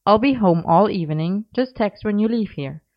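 A woman voicing a cheeky, excitable young male wizard who talks in a bright, insistent, playfully bossy way. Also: mid-range voice, moderate pace, voice pushed up, natural voice. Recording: dull lo-fi recording.

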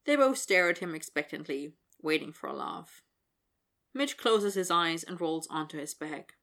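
A woman reading fiction aloud in an even, expressive storytelling style. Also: low-pitched, normal speed. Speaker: narrator.

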